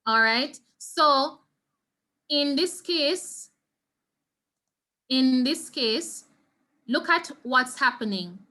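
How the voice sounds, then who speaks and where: A Jamaican woman leads an online revision lesson over a video call. Her voice sits high and sounds bright and clear. She explains step by step and keeps checking that her students follow. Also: expressive, very slow, long pauses. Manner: patient, instructive, checks in with "all right?". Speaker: Spanish teacher.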